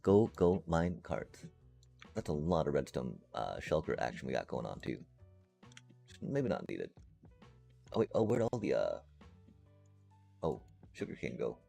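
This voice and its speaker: Man, extremely low voice, dark tone, casual rambling stream chat, faint music behind. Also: very animated, measured pace, gravelly, pauses often, slightly rough. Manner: rambling and playful, addresses chat.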